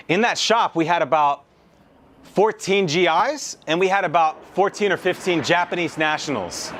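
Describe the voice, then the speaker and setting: A man's voice: medium pitch, a bit bright. A man in his thirties giving a storytelling keynote speech, emphatic and conversational. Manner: emphatic, conversational, swears casually. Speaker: motivational speaker.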